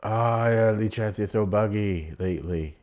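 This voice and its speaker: Low-voiced man muttering over puzzles. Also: a little slow, darkish tone. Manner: muttering to himself, frustrated and exasperated. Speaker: chess streamer. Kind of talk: casual thinking aloud while solving puzzles.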